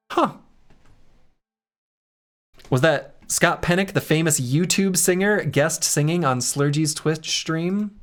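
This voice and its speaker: A man's voice: a little high, slow, pauses often. A man streaming a game, chatting casually in a joking, rambling and self-mocking way. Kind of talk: casual gameplay commentary and chat.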